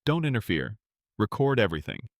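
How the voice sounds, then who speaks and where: Steady assertive veteran cop, composed under pressure, dry close sound, read by a man. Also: fairly low pitch, brisk, no echo. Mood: firm, composed. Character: calm, firm veteran male police sergeant.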